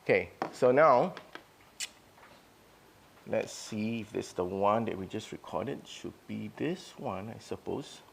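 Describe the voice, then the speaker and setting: A man's voice: on the low side, lively intonation, a little slow, gravelly, long pauses, slight background noise. A man running a live audio product demo. He thinks aloud, restarting his sentences as he works.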